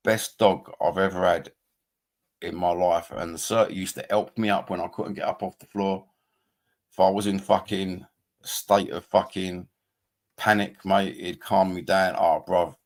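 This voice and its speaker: A man's voice: deep voice, steady tone, unhurried. A man, chatting casually on a livestream and reading out viewer comments. He rambles bluntly, swears freely and calls people mate and bruv. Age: 50s. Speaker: livestream host.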